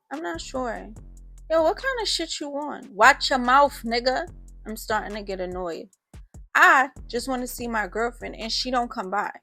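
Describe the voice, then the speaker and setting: A woman's voice: a little high, creaky, bright, forceful tone. A woman narrating a first-person story in casual slang, voicing the other people's lines in her own voice. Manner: casual street-slang storytelling, quick snappy delivery of quoted lines.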